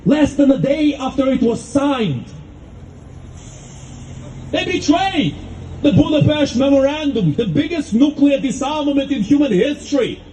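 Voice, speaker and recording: A man delivering an impassioned public speech with fervent, rhetorical emphasis and dramatic pauses. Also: very high voice, big pitch swings, mellow, a little hiss or hum, rough recording. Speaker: speaker at a rally.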